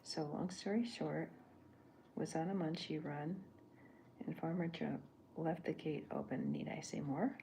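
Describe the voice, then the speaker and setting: An older, soft-spoken woman artist in a whispered role-play, thinking aloud in halting bits while she sketches. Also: sits low, fairly even intonation, creaky, a little hiss or hum.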